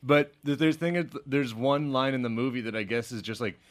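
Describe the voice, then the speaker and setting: A man co-hosting a podcast in casual chat, animated, laughing often and filling his talk with "like". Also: medium pitch, a little fast. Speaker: podcast co-host.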